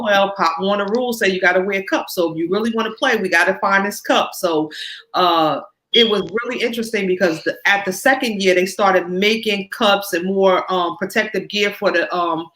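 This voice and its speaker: A woman's voice: fairly low pitch, fairly bright tone. A woman, mother of the player, chatting and telling stories in an interview, often laughing. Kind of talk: casual interview chat. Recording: roomy echo.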